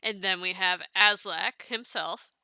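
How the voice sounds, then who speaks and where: A woman talks through a casting call for a fan comic dub in a loose, chatty way. Her voice is very bright and smooth. It sits close and dry, with no room sound. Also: mid-range voice, a little slow, no room sound. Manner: chatty, loose, with small restarts and fillers. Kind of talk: casual casting call walkthrough.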